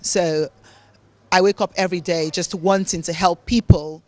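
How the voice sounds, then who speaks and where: A woman's voice: on the low side, steady tone, moderate pace, mellow. A woman from Nigeria with a mixed, hard-to-place accent, answering interview questions as a motivational speaker and author. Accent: mixed accent of English, African and Italian tones. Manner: earnest, preachy, repeats words for emphasis.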